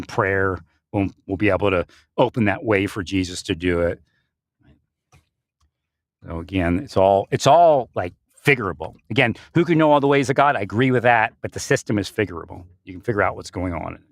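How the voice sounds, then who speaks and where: A man's voice: deep voice, normal speed, dry recording, studio quality. A man giving a rambling spiritual monologue, often breaking into laughter and restarting his sentences. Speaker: spiritual speaker.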